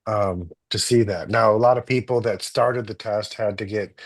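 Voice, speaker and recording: A man, a guest doctor, telling stories in a relaxed interview, animated and full of restarts. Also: on the low side, moderate pace. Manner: animated storyteller, many restarts and acted-out quotes. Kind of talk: casual storytelling in an interview.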